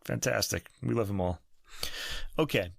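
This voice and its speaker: A man's voice: fairly low pitch, normal speed, gravelly, dry recording, clean studio sound. A man in his fifties co-hosting a music podcast, chatting casually with lots of restarts and chuckles. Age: 50s. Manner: rambling, self-correcting, chuckling. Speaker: podcast co-host. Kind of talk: casual chat about classical music.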